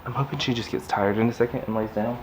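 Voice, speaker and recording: A man's voice: mid-range voice, fairly even intonation, fast talker, noisy background. A man talking casually to camera in a craft vlog, rambling and chatty, turning aside to talk to his puppy. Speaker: craft vlogger. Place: indoors at home.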